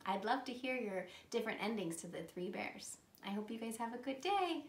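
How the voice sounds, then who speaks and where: A woman teacher telling a story to young children, animated, with gasps and dramatic whispers. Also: fairly high pitch, brisk. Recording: roomy echo.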